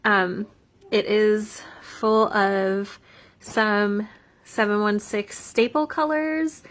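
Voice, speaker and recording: Gushing, excitable young woman vlogger. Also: medium pitch, very slow, no echo. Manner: excitable and gushing, swinging between soft whispers and squeals. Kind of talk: casual vlog, showing crafts.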